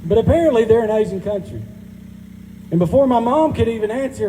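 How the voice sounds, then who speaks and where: A man's voice: high-pitched, brisk, dark tone, a little hiss or hum. A man in his forties with a Southern Georgia drawl doing a self-deprecating, crude stand-up set at a live benefit, recorded in a reverberant hall. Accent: Southern US, rural Georgia. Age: 40s. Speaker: stand-up comedian. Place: stage at a live benefit event.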